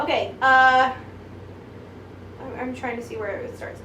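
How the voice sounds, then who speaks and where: A young woman co-hosting a book club, chatting casually and reading passages aloud with quick acted-out quotes. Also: sits high, steady tone, pushed and bright, muffled recording. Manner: retells scenes with quick acted-out quotes, laughs often. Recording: roomy echo, distant from mic, faint hiss.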